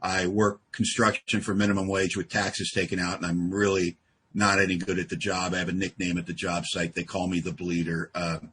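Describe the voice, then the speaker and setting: A man's voice: low voice, little pitch movement, fairly quick, fairly bright tone, slightly rough. A man speaking at a support group meeting, telling a personal story with self-deprecating, wry humor. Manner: self-deprecating, wry, acts out quoted exchanges.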